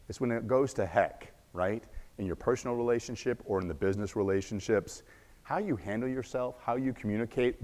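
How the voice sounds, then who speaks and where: Man telling a dramatic story on stage. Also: medium pitch. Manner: dramatic storyteller, shifting between loud and hushed. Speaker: conference speaker. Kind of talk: keynote storytelling talk. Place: conference stage. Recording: echoey conference hall.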